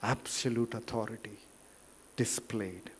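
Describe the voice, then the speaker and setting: A man preaching a sermon in a church, rising loud for quotes and dropping quiet. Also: on the low side, fairly even intonation, slight background noise. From India. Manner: slow, deliberate, rises loud for quotes then drops quiet. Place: church hall. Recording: reverberant church hall.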